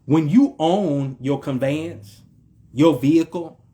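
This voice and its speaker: A man's voice: a little high, takes it slowly, warm tone. A man from the United States giving an emphatic, repetitive spiritual monologue in a vlog, in slangy speech with a preacher-like cadence. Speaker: vlogger.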